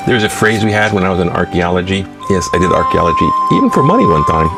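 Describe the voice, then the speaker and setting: A man's voice: sits low, sing-song, quick pace. A man hosting a spoof news show, reading newspaper letters aloud and breaking in with wry, mocking asides. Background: music.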